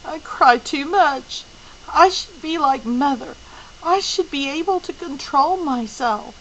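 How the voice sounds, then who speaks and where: Shaky sobbing teen girl, a lady reading her, high and slow. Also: gravelly, a bit bright, slight background noise, heavily acted, rough recording. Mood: tearful. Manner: trembling, sobbing. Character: tearful teenage girl, insecure.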